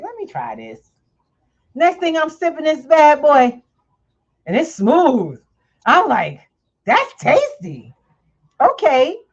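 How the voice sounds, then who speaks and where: A woman hosting a podcast, telling a story in a lively, chatty way and laughing often. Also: deep voice, muffled recording. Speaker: podcast host. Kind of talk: casual chat, storytelling.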